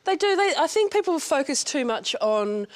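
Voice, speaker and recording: A woman's voice: high voice, sing-song, normal speed. A woman guest on a TV cooking segment, talking about cooking in a friendly, easy way and laughing readily. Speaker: cooking show contestant guest. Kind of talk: casual on-air chat.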